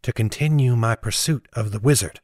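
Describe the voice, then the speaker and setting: A man's voice: mid-range voice, a little fast, a little mellow, dry recording, clean studio sound, close to an everyday voice. A man reading the part of a guarded young woman in a cloak in an audiobook, with careful, formal speech.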